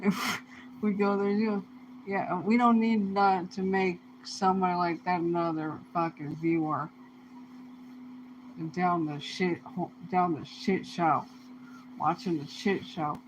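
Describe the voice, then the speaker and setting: A woman's voice: on the low side, steady tone, slow, slight background noise, rough recording. A young woman talking to camera in a rambling, casual monologue, swearing heavily in loose, slangy speech. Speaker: vlogger.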